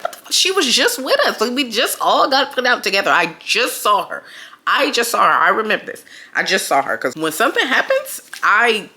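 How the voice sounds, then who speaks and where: A woman's voice: medium pitch, pushed and bright. A woman vlogger telling a story in a casual, slangy way, acting out the voices of her friends.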